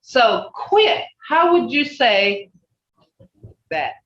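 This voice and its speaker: Older woman, language teacher, slow and patient, lively pitch, roomy lo-fi call audio. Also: recorded from a distance, slight background noise. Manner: patient, repeats words slowly for learners. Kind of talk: online language class. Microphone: video call.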